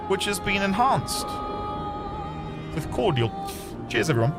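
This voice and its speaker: A high-pitched, very animated man keeps a measured pace as he casually comments on the game he's streaming. He rambles and swears lightly at times, with game music running underneath.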